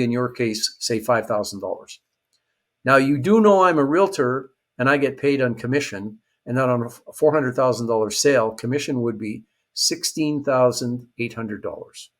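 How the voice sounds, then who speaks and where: A middle-aged man explains a real estate investing strategy in an interview, telling a story and acting out what the people in it say. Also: medium pitch. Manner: lively storyteller who acts out quoted people.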